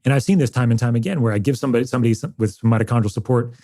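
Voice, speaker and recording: A man's voice: medium pitch, rapid-fire, warm tone. A man, a doctor, explaining energetically as a podcast guest and acting out his patients. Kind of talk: explanatory interview talk.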